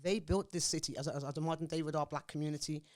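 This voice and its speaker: A woman's voice: deep voice, fairly even intonation, fast, darkish tone. A woman in her forties with a Scouse accent, speaking as an interview guest in a forthright, emphatic way. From Liverpool, England. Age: 40s. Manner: emphatic, forthright, often asks "you understand me?". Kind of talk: impassioned interview talk.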